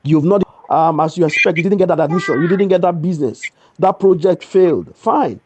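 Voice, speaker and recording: A man's voice: on the high side, brisk, highs cut off, slight background noise. A man giving an emphatic motivational talk, repeating his key lines over a video call. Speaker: guest speaker.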